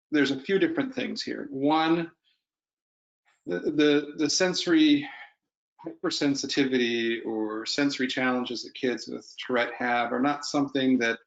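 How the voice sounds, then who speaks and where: A man's voice: mid-range voice, highs cut off. Neurologist man explaining in a roomy webinar feed. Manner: explanatory, measured. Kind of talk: webinar presentation.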